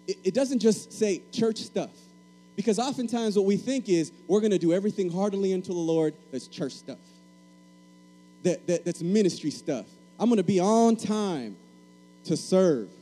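A man from Puerto Rico preaches with emphasis, his high voice pressing key phrases again and again. His tone is mellow and dark. A faint mains hum runs underneath. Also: rough recording. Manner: emphatic, repeats key phrases, asks the congregation to respond. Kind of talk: sermon.

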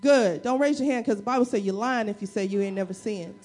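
A woman pastor preaching a sermon to her church, energetic, with call-and-response and playful asides. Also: medium pitch, quick pace. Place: church service.

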